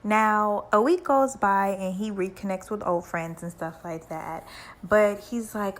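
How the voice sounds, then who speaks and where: A woman's voice: mid-range voice, measured pace. A woman casually retelling a book in slangy, conversational language. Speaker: book summary narrator.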